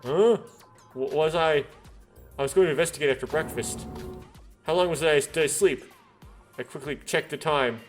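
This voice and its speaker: A man's voice: fairly high pitch, moderate pace, pauses often, soft background music. A man reading a visual novel aloud, doing every character's lines in his own voice, with stumbles and self-corrections.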